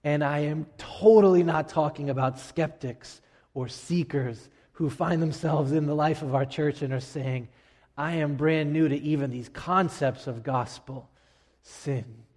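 Slow emphatic preacher in a big hall. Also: male voice, fairly high pitch, fairly even intonation. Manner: emphatic, dramatic pauses, swings between loud and hushed. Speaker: pastor. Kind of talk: sermon. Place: church sanctuary. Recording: long reverb of a large hall.

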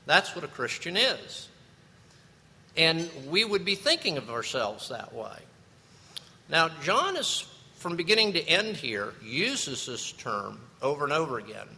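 A male pastor preaching with a bright, animated voice that rises and falls through his story. He talks at an unhurried pace, and his words ring out with the long reverb of a large hall. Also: a little high, gravelly. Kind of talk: sermon.

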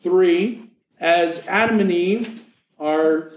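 In an echoey room on a rough recording, a man with a high-pitched voice speaks very slowly as he preaches. He's the pastor, reading from scripture before retelling it playfully with jokes and asides.

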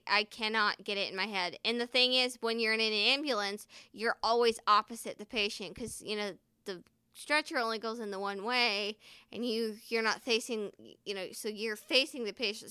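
A bright, clear-voiced woman talks in a loose, rambling way, swearing often and speaking her mind. She pitches a little high and sounds close and dry, like a casual vlog. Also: dry recording. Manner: candid, swears freely, rambling. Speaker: first responder.

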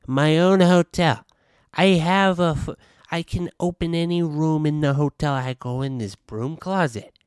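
A brash, boastful older tycoon who blusters and keeps repeating himself in disbelief, as a man hams up a shaky impression. The voice sits higher than his usual talk and drags the words out slowly. It is recorded close and dry. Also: clean tone, dry recording, lightly acted. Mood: indignant. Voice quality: self-described bad impression accent.

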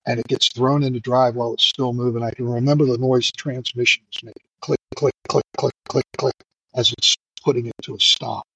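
A man's voice: mid-range voice, level tone, fast talker, hardly any pauses, pushed and bright, husky, no echo, rough recording. A middle-aged man, a firefighter, telling a raw story in an interview, profane and emotional, rambling with many fillers. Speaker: firefighter and podcast guest.

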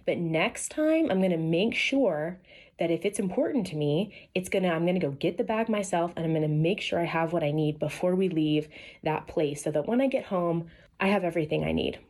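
A woman in her thirties speaks in an earnest, casual and heartfelt way about her family and her faith. Her usual voice sits fairly low, but it jumps up high and bright whenever she gets excited or quotes someone. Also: fairly quick. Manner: earnest, animated, rising to a high pitch on excited or quoted lines. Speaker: mother sharing family faith reflections.

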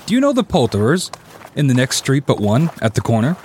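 A man's voice: medium pitch, wildly swooping pitch, fairly quick, darkish tone, slight background noise. A man playing an elderly reformed miser, exuberant and generous, in a dramatic story reading. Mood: giddy. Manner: exuberant, swooping delivery with mock-stern turns.

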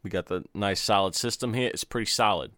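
A man's voice: fairly low pitch, brisk, sharp tone, no echo. A man hosting a podcast, teasing his co-host in sarcastic, casual chat.

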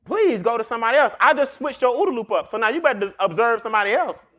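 A podcast host with a very high voice gives street-wise motivational advice in an animated way. He laughs often and acts out quick exchanges.

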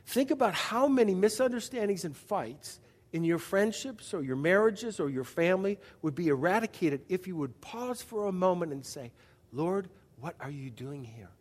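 A man's voice: high-pitched, lively intonation, moderate pace. Guy pastor preaching, chatty, keeps asking the room stuff, echoey hall. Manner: conversational, asks the audience questions, frequent restarts. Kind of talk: sermon.

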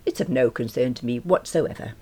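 Woman reading a diary book, low husky voice, dry wry delivery. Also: a little fast, mellow. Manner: wry, dry, self-deprecating. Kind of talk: audiobook reading of a diary novel.

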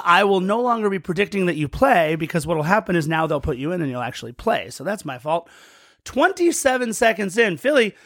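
A man's voice: high voice, a bit bright, no echo, studio quality. A man co-hosting a podcast, chatting through a match recap in a storytelling, play-by-play way. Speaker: podcast co-host.

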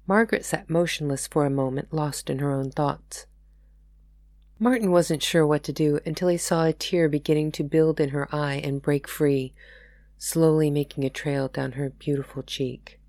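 A woman podcast host reads her own novel aloud in a steady storytelling voice. The sound is close and dry, with no echo around it. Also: deep voice, normal speed.

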